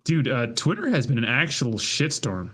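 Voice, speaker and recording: Excitable man with lively pitch. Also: moderate pace. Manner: excitable, swears freely, loud outbursts. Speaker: podcast co-host. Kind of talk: casual chat.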